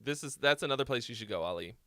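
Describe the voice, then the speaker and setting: A man's voice: medium pitch, lively intonation, very fast, sharp tone, no echo, clean studio sound. A young man hosting a casual livestream, telling rambling stories full of swearing. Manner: laid-back storytelling, heavy swearing. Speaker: host.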